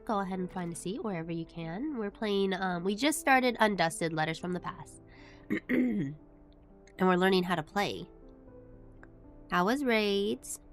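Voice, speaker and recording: A woman streamer chatting casually with her viewers while playing a game and reading its text aloud. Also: medium pitch. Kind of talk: casual live-stream chat while gaming.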